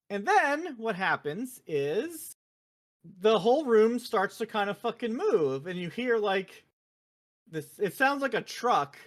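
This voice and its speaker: A woman hosting a casual podcast, telling the story of a video game scene by scene. She swears freely and leans on fillers as she goes. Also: fairly high pitch. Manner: profane, animated storytelling with many fillers. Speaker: podcast host.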